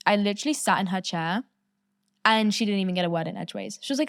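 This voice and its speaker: A woman's voice: medium pitch, fast, no echo. Candid, swearing young woman in a dry room. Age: 20s. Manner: candid, swears freely, laughs often. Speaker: podcast host. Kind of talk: candid casual monologue.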